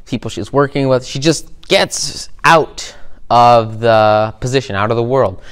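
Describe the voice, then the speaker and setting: Male coach, mid pitch, smooth clear voice, casual storytelling lesson full of "um" and "like.". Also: fairly bright tone. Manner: loose and rambling, full of fillers. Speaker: business coach. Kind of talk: casual teaching through storytelling.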